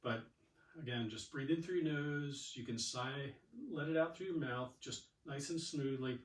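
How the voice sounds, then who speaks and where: Speaking at a normal speed in a medium-pitched voice, a man runs a yoga and exercise class and cheerfully coaches people through every cue. The room echoes and the mic is placed at a distance.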